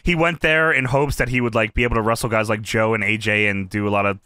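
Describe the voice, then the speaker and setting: A man's voice: lowish voice, steady tone, fast talker, pushed and bright, clear, resonant tone, no echo, clean studio sound. A man co-hosting a podcast in casual chat, laughing often and swearing freely. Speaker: podcast co-host. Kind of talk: casual chat recapping wrestling.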